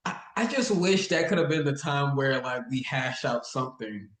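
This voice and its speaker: A man's voice: mid-range voice, expressive, normal speed, fairly bright tone. A man with a mid-range voice co-hosts a podcast in a laid-back, agreeable way. His voice sounds roomy and echoey, as if he is recording in an untreated room. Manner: laid-back, agreeing, with frequent "you know what I mean". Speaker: guest co-host. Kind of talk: casual chat.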